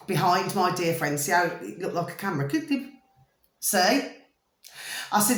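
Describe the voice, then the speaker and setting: A woman's voice: on the low side, expressive, normal speed, long pauses, a bit bright. A woman talking casually to camera, chatty and always checking that the listener follows her. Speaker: vlogger. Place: room at home. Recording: echoey room.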